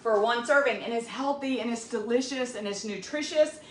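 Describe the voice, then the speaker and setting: A woman's voice: a little high, normal speed. Southern lady doing a cooking video, chatty with her viewers, echoey kitchen. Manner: chatty, talks straight to viewers. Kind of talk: casual cooking demonstration. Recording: echoey room with faint background noise.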